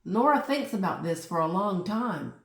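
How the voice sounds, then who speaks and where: A woman reading a picture book aloud in an expressive, unhurried way. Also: mid-range voice, far from the mic. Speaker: storybook reader. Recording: roomy echo.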